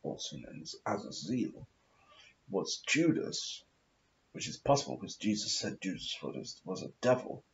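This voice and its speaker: A man's voice: lowish voice, big pitch swings, moderate pace, gravelly, dull audio. A man in a rambling casual monologue, talking in an affected, posh, aristocratic put-on voice and swearing often as he meanders. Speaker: vlogger.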